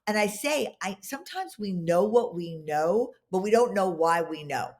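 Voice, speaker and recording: A woman, a podcast guest, telling long, animated stories in a casual interview and acting out what people said. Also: medium pitch, normal speed. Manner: animated, long-winded storyteller acting out quotes.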